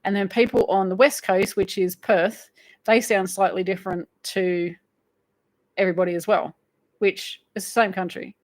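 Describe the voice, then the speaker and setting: A woman's voice: medium pitch, fairly even intonation, moderate pace. A woman with an Australian accent tinged with English, chatting casually on a live stream and reading viewer comments aloud. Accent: Australian with an English influence. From England. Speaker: crochet channel host.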